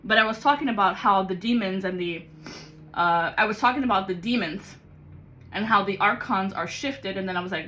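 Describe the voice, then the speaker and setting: A woman giving a rambling, excitable spiritual vlog monologue as a card-reading guide, swearing freely. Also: medium pitch, normal speed, poor audio.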